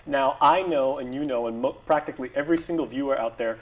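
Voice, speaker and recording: A man's voice: medium pitch, fast talker, poor audio. A man hosting a local TV health segment, chatty and joking, with many fillers. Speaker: TV host. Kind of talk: casual TV interview. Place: TV studio.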